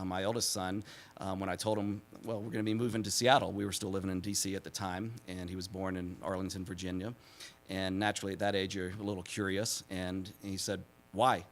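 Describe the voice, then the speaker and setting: A man in his forties speaking at a symposium, telling stories with many fillers and laughing at his own jokes. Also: sits low. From Texas. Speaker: symposium speaker, former press secretary. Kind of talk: public talk with anecdotes.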